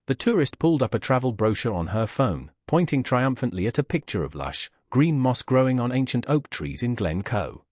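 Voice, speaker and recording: A man's voice: medium pitch, very animated, moderate pace, hardly any pauses, darkish tone, dry recording, studio quality. A man narrating scripted anecdotes in a wry storytelling manner.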